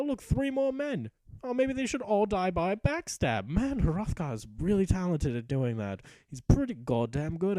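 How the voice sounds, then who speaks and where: A man's voice: sits high, mellow, dry recording. A young man narrating a video game in a mock-epic style, sarcastic and profane, slipping into the hero's voice. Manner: sarcastic storyteller, swearing, quick voice shifts. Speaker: gaming commentator.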